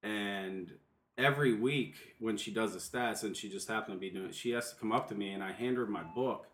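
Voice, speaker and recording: A man's voice: lowish voice, brisk, a bit bright, slight background noise. A man co-hosting a podcast, chatting casually and telling stories with a lot of energy. When he gets riled up, his voice jumps up. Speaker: podcast co-host. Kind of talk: casual chat. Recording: roomy echo.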